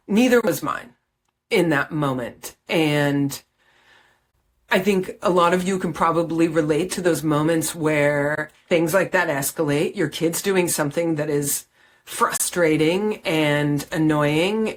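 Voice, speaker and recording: A middle-aged woman speaking as a parenting coach, talking candidly and conversationally with many fillers and restarts. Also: deep voice. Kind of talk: casual reflective talk to camera.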